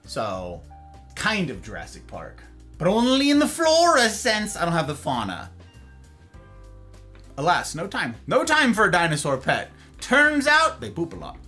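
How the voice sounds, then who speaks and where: A man chats on a live stream from his home office, his bright, forceful voice leaping up and down as he playfully welcomes viewers by name. Soft music plays faintly behind him. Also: high-pitched, a little slow. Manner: animated, playful, greets chatters by name. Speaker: livestream host. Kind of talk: casual live-stream chat.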